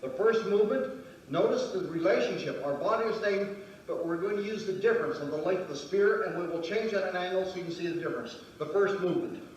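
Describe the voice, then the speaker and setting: A man's voice: high-pitched, muffled recording, slight background noise. Man teaching in a very echoey hall. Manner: measured, step-by-step explaining, counting out moves. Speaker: martial arts instructor. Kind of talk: demonstration lesson. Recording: very echoey room from far off.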